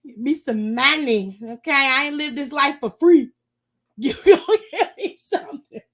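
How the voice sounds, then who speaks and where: A woman's voice: high-pitched, normal speed, fairly bright tone. A woman co-hosting a podcast in casual chat, telling stories animatedly, laughing often and swearing freely. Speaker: podcast co-host.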